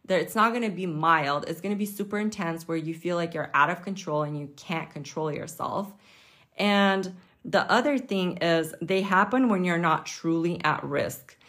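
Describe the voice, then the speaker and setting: A woman's voice: lowish voice, normal speed, fairly bright tone. A woman hosting a casual health podcast, talking informally with lots of fillers and the odd light laugh. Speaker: podcast host.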